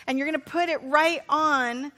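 A woman's voice: sits high, fairly even intonation, normal speed, bright, forceful tone. A woman teaching a casual Bible study, chatty and playful, often turning to her listeners with questions.

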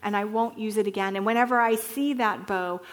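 A woman voicing God as a grieved, solemn figure, quoted in a low, hushed tone within a Bible lesson. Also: a little fast, lightly acted. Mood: resolute.

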